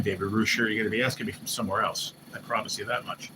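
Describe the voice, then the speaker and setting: A man hosting a live stream, chatting casually and excitably, swearing loosely and often mimicking what others said. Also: lowish voice, very fast. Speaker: livestream host. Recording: noisy background hum.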